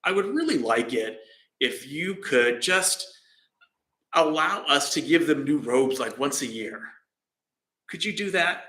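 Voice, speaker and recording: A man voicing a clever, calm court physician in a dharma talk, casual, matter-of-fact and persuasive. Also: a little high, unhurried, long pauses. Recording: roomy echo.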